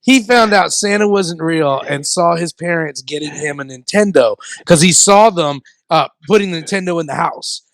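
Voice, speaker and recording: This is a male radio comedy host with a noticeably high voice. He chats casually with his co-hosts, laughs easily and acts out quotes. The studio sound is close and dry. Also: normal speed, hardly any pauses, dry recording. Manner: laughing, animated storyteller.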